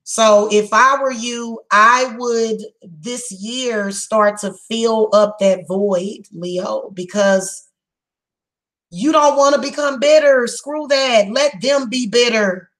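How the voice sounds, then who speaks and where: A woman giving a psychic reading, speaking bluntly and emphatically, heated and repetitive, slowing down to stress her words. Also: fairly high pitch, fairly bright tone, poor audio. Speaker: psychic reader. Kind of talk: tarot reading monologue.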